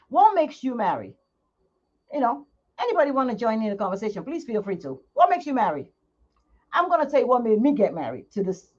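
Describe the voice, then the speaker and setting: A middle-aged woman hosting her own channel from home, venting frankly to her viewers in a casual livestream chat. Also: on the high side. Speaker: skincare channel host. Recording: muffled lo-fi sound.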